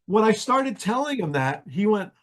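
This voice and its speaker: A man's voice: high voice, moderate pace. An older man from New Jersey, a jazz pianist who is a guest on an interview show, telling stories casually with lots of restarts and acted-out quotes. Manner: animated anecdotes, acts out quoted voices, frequent restarts. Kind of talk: casual storytelling.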